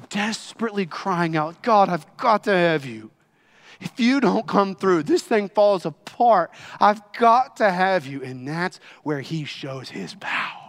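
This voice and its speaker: Man, preacher, sermon, impassioned, loud-to-hushed swings, slightly high pitch.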